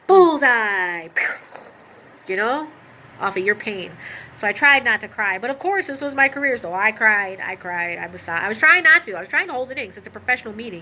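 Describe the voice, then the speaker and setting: A woman with a bright, forceful voice recounts a painful personal story, talking in a loose, animated way with plenty of asides. A faint hiss of noise sits under her voice. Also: fairly low pitch, poor audio. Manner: animated, rambling, with many asides and fillers. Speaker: vlogger telling a personal story.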